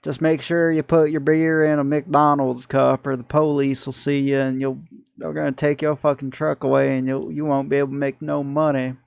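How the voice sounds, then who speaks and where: A man's voice: on the high side, level tone, normal speed, vocal fry, clear, resonant tone, dry recording. A man voicing a folksy good old boy trucker with a heavy put-on Southern drawl. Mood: folksy, hearty.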